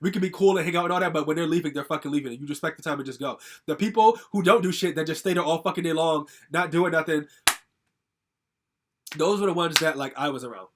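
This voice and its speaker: A man's voice: fairly high pitch, fast talker, background noise. A young man telling a personal story to camera in a casual, angry, profane rant full of fillers.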